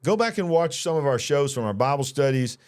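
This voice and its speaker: A man's voice: mid-range voice, lively intonation, a little fast, darkish tone. Jovial Southern man reading live chat. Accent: Southern American. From Alabama. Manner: folksy, jovial, reads viewer comments aloud. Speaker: co-host of a ministry news show. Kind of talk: casual live-stream chat reading comments.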